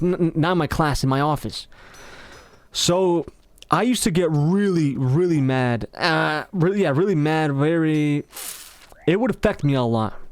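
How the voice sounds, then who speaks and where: A man's voice: on the high side, darkish tone, dry recording. A man commentating over gameplay, telling a rambling, mocking story with stumbling restarts into a close mic. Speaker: game commentator.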